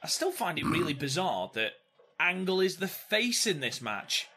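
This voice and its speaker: Young bloke, high bright voice swinging all over, excitable and sweary. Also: male voice, husky. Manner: excitable, sweary, quick to laugh. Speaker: podcast co-host. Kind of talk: casual watchalong chat.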